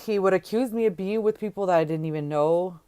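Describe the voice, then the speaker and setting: A woman with a low, clear, smooth voice tells her own story in a halting, conversational way. She pauses often on fillers and restarts her sentences. When she quotes others, her voice rises and gets louder. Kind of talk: candid personal testimony.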